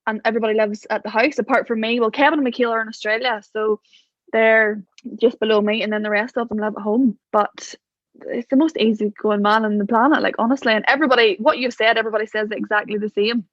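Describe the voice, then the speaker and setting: A woman guest on a podcast, chatting casually and telling animated stories. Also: on the high side, quick pace, no echo, lo-fi sound. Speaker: podcast guest, business owner. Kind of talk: casual chat.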